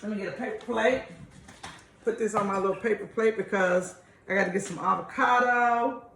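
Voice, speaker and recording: A woman's voice: mid-range voice, steady tone, moderate pace, vocal fry, fairly bright tone, a little hiss or hum. Woman hosting a home cooking vlog, chatty and homey, roomy kitchen sound with faint dish clatter. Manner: chatty, homey, addresses viewers as y'all. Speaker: cooking video host. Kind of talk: casual cooking demonstration. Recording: echoey kitchen room.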